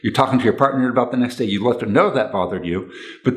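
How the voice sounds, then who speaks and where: A man's voice: mid-range voice, fast talker. A man giving relationship advice to camera in an earnest, instructional way, repeating his key points.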